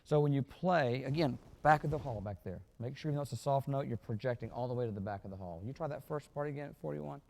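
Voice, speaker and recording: Coaching a wind band in a concert hall, a band clinician speaks quickly with barely a pause, his medium-pitched male voice slightly mellow and full of vocal fry. He encourages the musicians and scat-sings phrases as examples.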